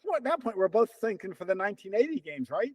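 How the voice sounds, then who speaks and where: Lively older man telling running stories. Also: high voice, fast, no echo, rough recording. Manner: animated storyteller who acts out quoted dialogue. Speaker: guest, former marathon runner. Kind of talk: casual storytelling interview.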